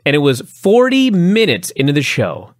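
Casually chatting on a wrestling review podcast, this male co-host launches into animated rants full of sweeping pitch swings. His pace is moderate, and the studio-quality recording carries no echo.

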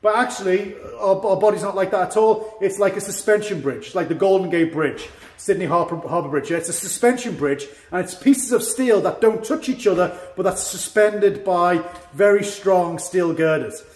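A man with a high voice teaches a karate class, talking through moves as he shows them. His manner is chatty and light, with self-mocking asides. The sound is echoey, as in a large training hall. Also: moderate pace, hardly any pauses. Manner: chatty, explains with demonstrations, self-deprecating jokes. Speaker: karate instructor. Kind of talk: dojo class explanation.

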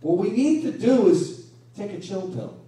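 A man preaching a sermon as pastor, animated and full of rhetorical questions, recorded from a distance in a church hall. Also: sits high, unhurried. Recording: echoey room from a distance.

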